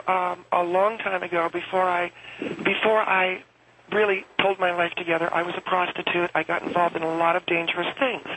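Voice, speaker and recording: A man's voice: sits high, bright, forceful tone, a little hiss or hum, voice pushed up, rough recording. A man doing a smug prim suburban matron. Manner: condescending, bigoted, mock-sweet. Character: smug prim middle-aged woman, homeowners association president. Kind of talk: comic radio character call-in.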